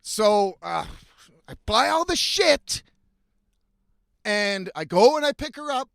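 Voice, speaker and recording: Profane high-voiced man ranting. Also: big pitch swings, takes it slowly, gravelly, fairly bright tone, no echo, studio quality. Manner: profane, blunt, frequently exasperated. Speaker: vlogger. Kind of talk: casual storytelling rant.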